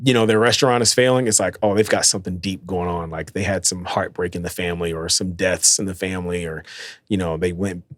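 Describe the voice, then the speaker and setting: A man's voice: sits low, steady tone, fairly quick, dry recording, clean studio sound. A man hosting a casual motivational podcast, talking loosely with lots of fillers and slang. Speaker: podcast host.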